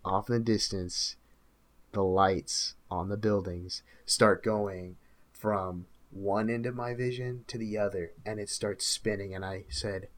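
A man's voice: lowish voice, steady tone, a little slow. A young man, a podcast co-host, animatedly telling a story in casual chat and quoting his friends.

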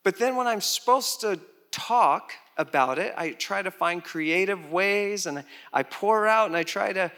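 Male pastor preaching a lively sermon, raised voice with a gravelly edge, swings between loud and soft. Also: sits high. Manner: animated preaching with sudden loud rises and soft drops; chatty asides and quick laughs to the congregation.

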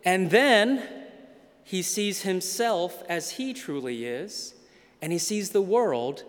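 A man preaching a sermon, slow and deliberate, with dramatic pauses and emphatic repetition. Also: sits high, lively intonation, long reverb tail. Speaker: pastor.

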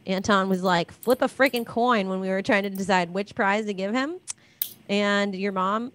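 A woman's voice: mid-range voice, fairly even intonation, normal speed, a bit bright, clear, resonant tone. A woman co-hosting a live stream, chatting and teasing with a laugh. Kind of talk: casual chat.

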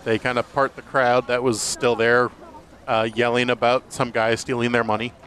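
Man narrating as game master. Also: medium pitch. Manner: relaxed, halting narration with fillers.

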